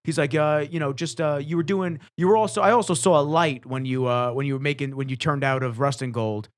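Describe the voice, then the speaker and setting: A man hosting a podcast, telling stories casually in a fast, animated way and swearing freely. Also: fairly high pitch, no echo. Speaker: podcast host. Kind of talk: casual storytelling.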